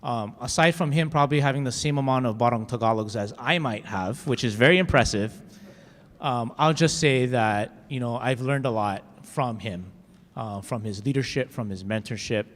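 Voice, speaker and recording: In a legislative chamber with long reverb, a man speaking as a state senator delivers a formal floor tribute to a colleague. His voice is medium-pitched and moderately paced, and his folksy remarks are full of fillers.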